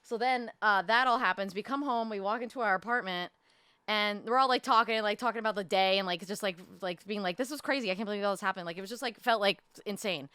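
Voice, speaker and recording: A young woman telling a story in casual chat, animated, full of fillers and swearing, close to the mic. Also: medium pitch, fast talker, clear, resonant tone, no echo. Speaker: podcast co-host telling a story. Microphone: close desk mic.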